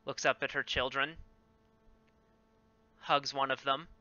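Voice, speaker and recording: A man running a tabletop game as game master, talking haltingly with many ums and self-corrections over a dull lo-fi mic. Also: medium pitch, level tone, bright, forceful tone, dry recording.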